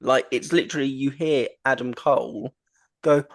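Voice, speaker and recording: A male podcast host with a medium pitch speaks at a normal speed, his intonation fairly even. Chatting casually about wrestling, he is enthusiastic and rambling, with plenty of ums and restarts.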